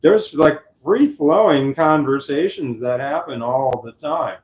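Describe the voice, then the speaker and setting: A man's voice: fairly high pitch, a little slow, a little mellow, slight background noise, poor audio. A man vlogging from his couch at home, rambling casually into a microphone and correcting himself as he goes. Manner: chatty, meandering, self-correcting; doting baby-talk to his dog. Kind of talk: casual rambling talk to camera. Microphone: desk microphone.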